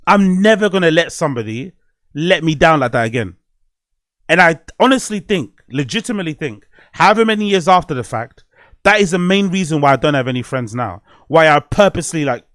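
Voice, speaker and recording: A podcast host delivers a casual monologue, telling a personal story in a rambling, candid manner and swearing often. His voice is on the high side and fairly bright, in a dry, clean studio recording.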